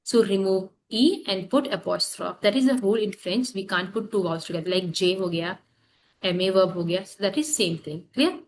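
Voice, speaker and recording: A woman teaching a French class, explaining slowly with pauses, repeating key terms and often saying "that is". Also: mid-range voice, a little hiss or hum. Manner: halting, repeats terms, fills gaps with "that is". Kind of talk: classroom lesson. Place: classroom with students.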